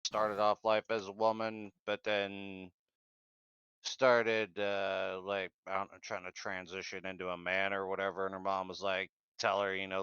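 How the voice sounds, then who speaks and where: A man's voice: deep voice, monotone, moderate pace, a bit bright, smooth, no echo, dull audio. A man co-hosting a podcast in casual chat, blunt and profane, rambling with lots of fillers. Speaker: podcast co-host.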